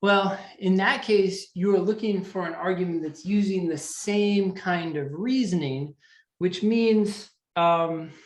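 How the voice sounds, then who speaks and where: A man's voice: high-pitched, slow, reverberant. A man teaching a live test-prep class, explaining step by step in a conversational way and often checking in with the students. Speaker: LSAT teacher.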